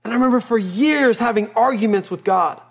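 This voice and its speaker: A man's voice: very high voice, a little fast, creaky. A man preaching a sermon as pastor, telling a personal story in an earnest way and repeating phrases for emphasis.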